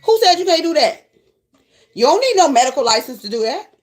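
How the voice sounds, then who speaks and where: A woman's voice: high voice, big pitch swings, fairly quick, soft background music. Blunt, profane woman scolding her viewers. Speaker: tarot reader. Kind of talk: casual rant to viewers.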